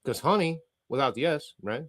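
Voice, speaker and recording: A man's voice: mid-range voice, animated, moderate pace, fairly bright tone. A middle-aged man hosting a livestream, reading chat comments aloud and ranting casually with profanity and frequent laughter.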